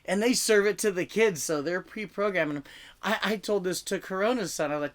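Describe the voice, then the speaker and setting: A man does a rambling, casual stand-up set over a video call mic, packed with "like" and restarts in a conversational style. His voice is high, brisk and a bit bright.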